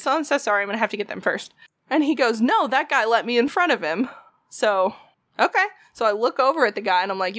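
A woman's voice: a little high, fairly bright tone, no echo. A young woman, telling a story in casual chat, swearing freely and acting out quotes.

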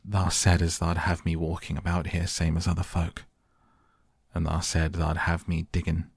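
Guy doing bossy sickly boy master, husky low voice. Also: completely flat delivery, moderate pace, no echo, exaggerated voice. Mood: imperious. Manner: imperious, giving orders.

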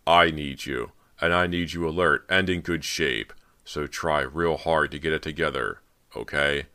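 A man voicing a stern but gentle male film director in an audiobook, speaking in a low, soothing, firm way. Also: unhurried, heavily acted.

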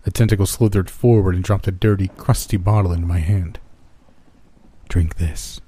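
Dark-voiced man narrating horror. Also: sits low, slightly rough. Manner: steady, measured first-person reading. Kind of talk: scripted horror story narration.

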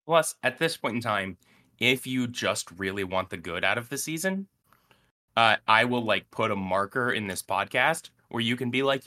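A man's voice: medium pitch, expressive, normal speed, sharp tone. A man hosting a casual sports podcast, upbeat and teasing in his chat. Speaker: podcast host.

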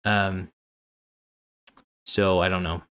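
A man's voice: low-pitched, level tone, very slow, bright, forceful tone, smooth. A man hosting a solo show, tired and yawning, talking in a rambling, repetitive, earnest way. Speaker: podcast host. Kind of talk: casual solo talk.

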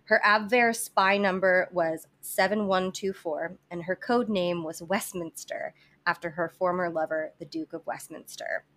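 A woman's voice: on the low side, steady tone, unhurried, fairly bright tone. A woman host telling a history story on a podcast, casual and joking between facts. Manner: storytelling with asides and laughter.

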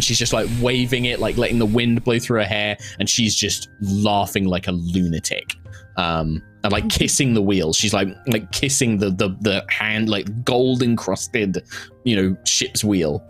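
A man's voice: on the low side, a bit bright. A man narrating as game master for a tabletop game, laughing often and slipping into character voices.

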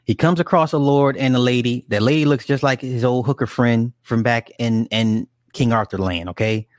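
A man's voice: mid-range voice, normal speed, dry recording, studio quality. A man casually retelling a story in a rambling, profane way, with frequent restarts and asides. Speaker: film recapper. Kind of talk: casual chat.

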